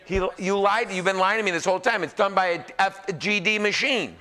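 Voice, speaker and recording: Bright-voiced joking man hosting a demo. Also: high-pitched, a little fast. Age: 40s. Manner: joking, teasing the crowd. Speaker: celebrity chef host. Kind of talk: live cooking demo banter. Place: pizza academy kitchen before a live audience.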